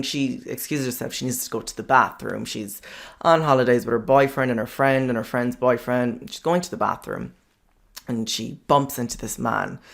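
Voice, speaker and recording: A man's voice: medium pitch, vocal fry, a bit bright. Male podcast host; loose, frank, filler-heavy chat. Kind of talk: casual podcast monologue.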